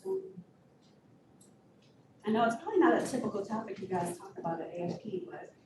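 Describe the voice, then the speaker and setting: Guest speaker, woman, candid storyteller, higher voice, roomy and distant with background noise. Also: big pitch swings, brisk. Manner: candid, storytelling, laughs often. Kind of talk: personal story told to a meeting. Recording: echoey room from far off with noise.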